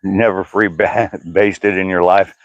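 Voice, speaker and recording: An older man strolls along an outdoor trail, laughing and cracking jokes as he reads chat comments aloud. His voice sits a little low, and the phone audio is dull and dry. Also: level tone, slow, dry recording. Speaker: vlogger. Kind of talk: casual live-stream chat while walking.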